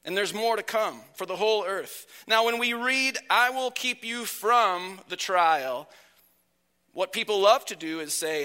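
Man, sermon, high-pitched, bright, a bit sick and whiny, emphatic slow phrasing. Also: lively intonation. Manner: earnest, emphatic preaching with slow drawn-out phrases. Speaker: preacher.

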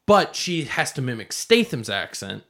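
A man chats on a movie podcast, cracking jokes and swearing freely. He laughs often, and his voice sits in a middle pitch. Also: big pitch swings, moderate pace, fairly bright tone. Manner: profane, joking, laughs often. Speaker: podcast co-host. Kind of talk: casual movie chat.

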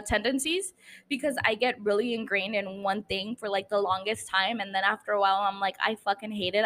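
A woman's voice: a little high, a bit bright. A woman hosting a podcast, recapping a TV episode in casual, chatty talk with casual swearing and self-mocking laughs. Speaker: podcast host.

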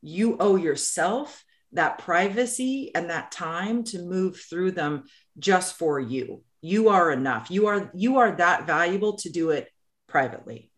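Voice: medium pitch, lively intonation, unhurried, a bit bright. A podcast co-host in casual conversation, speaking earnestly and reassuringly, repeating words for emphasis. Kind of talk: casual chat.

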